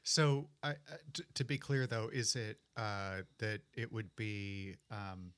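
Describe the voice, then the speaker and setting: A woman's voice: extremely low pitch, fairly even intonation, slow, clear, resonant tone, dry recording. A woman interviewing a guest in a conversation, reacting briefly and asking clarifying questions.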